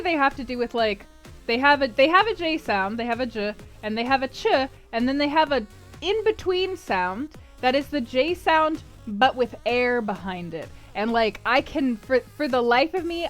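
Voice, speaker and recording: Chatty higher-voiced woman streamer. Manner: chatty and rambling, laughs often. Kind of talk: casual chat while gaming.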